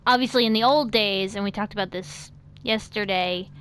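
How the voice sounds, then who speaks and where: Woman, American accent, chatty, rambling casual talk, mid pitch, faint background noise. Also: normal speed, a bit bright. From United States. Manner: chatty, full of fillers and restarts. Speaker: host. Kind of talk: casual chat.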